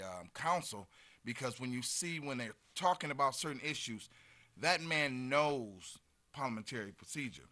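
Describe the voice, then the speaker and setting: Man in his 50s, bright voice, earnest storyteller, lots of uh and um, casual chat. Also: mid-range voice. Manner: earnest, storytelling, trails off into fillers. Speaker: community guest.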